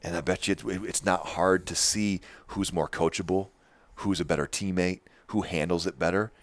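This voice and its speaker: A middle-aged man with a loud voice, telling stories on a podcast in an animated, emphatic way with many restarts. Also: low-pitched, moderate pace, no echo. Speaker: podcast host. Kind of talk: casual podcast chat.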